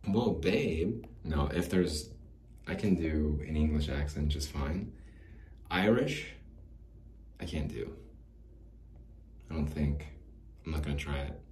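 Guy with a super deep voice rambling solo on his podcast, self-deprecating and wistful, roomy echo and faint hiss. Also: slow, long pauses, a little mellow. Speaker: podcast host. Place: small home studio.

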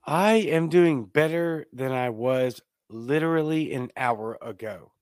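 A man's voice: mid-range voice, slow, darkish tone, clear, resonant tone, no echo, studio quality. A man from Louisiana co-hosting a casual online talk show, rambling easily through a story over his laptop. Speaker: podcast co-host. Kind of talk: casual chat. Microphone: laptop webcam.

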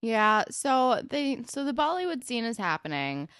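A woman's voice: a little high, sing-song, measured pace, fairly bright tone, smooth, dry recording, clean studio sound. A young woman co-hosting a casual recap chat, candid and blunt, swearing when annoyed. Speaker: podcast co-host.

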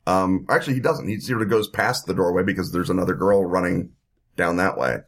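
A man's voice: deep voice, brisk, a bit bright. A man narrating as game master for a tabletop game, rambling with fillers and sound effects.

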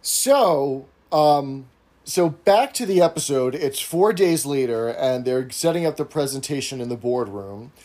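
A man's voice: medium pitch, expressive, unhurried, a little mellow. A man hosting a casual podcast, recapping an episode scene by scene. He adds asides and keeps checking in with a rhetorical "right?". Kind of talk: casual chat.

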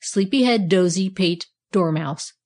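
A woman's voice: on the low side, measured pace, a little mellow, close to an everyday voice. A woman reading aloud, voicing a curious, eager young boy who asks breathless questions.

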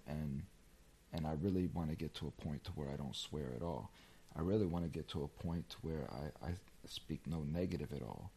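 A man's voice: low-pitched, a little mellow, husky. A man co-hosting a podcast, talking earnestly and emphatically in casual chat, often repeating a word as he restarts.

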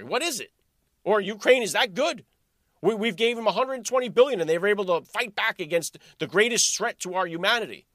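Host, male, high voice, sarcastic and animated monologue, dry close mic. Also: no room sound. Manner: animated, sarcastic, rhetorical questions. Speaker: podcast host. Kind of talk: political commentary monologue.

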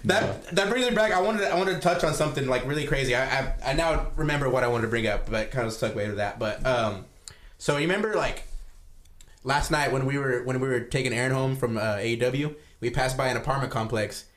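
A man's voice: mid-range voice, fast, a bit bright. A young man co-hosting a casual podcast chat, rambling in a laid-back way and trailing off mid-thought. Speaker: podcast co-host. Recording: roomy echo.

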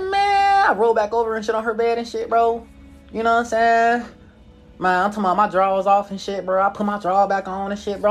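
A young man telling a casual story in a profane, slangy, animated way, full of filler tags. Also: high voice, brisk, faint music behind.

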